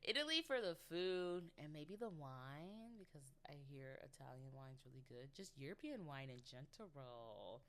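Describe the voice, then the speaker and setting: Chatty low-voiced young woman host. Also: big pitch swings, normal speed, hardly any pauses, fairly bright tone. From United States. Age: 20s. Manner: chatty, giggly, rambling with playful asides. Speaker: podcast host. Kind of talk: casual solo chat.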